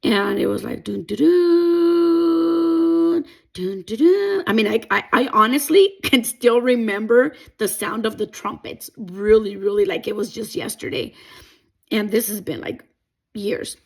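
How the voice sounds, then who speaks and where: A woman's voice: medium pitch, steady tone, normal speed, gravelly, slightly rough. A young adult woman telling a personal faith testimony, emotional and rambling with many fillers. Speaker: testimony vlogger.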